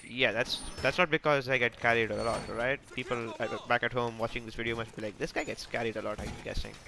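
A man hosting a gaming channel, giving live, excitable and self-mocking commentary as he plays, talking to teammates and enemies. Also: medium pitch, fast, vocal fry.

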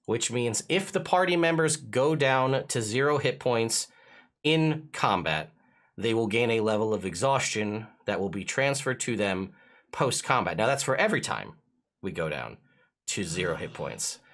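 A man running a streamed tabletop game as its game master. His pitch sits in the middle but swings widely as he explains rules. He sounds excitable and quick to chuckle.

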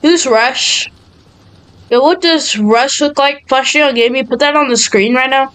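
A woman's voice: high-pitched, unhurried, a bit bright, clear, resonant tone, poor audio. A young woman playing a horror game for her channel, nervous and jumpy as she talks to her viewers. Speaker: gaming channel host. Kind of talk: horror game let's play commentary.

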